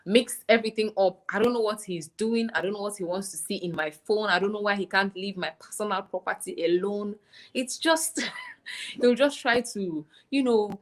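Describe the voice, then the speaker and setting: A woman's voice: lowish voice, fairly bright tone. A young woman, candidly musing aloud in casual chat as a podcast co-host.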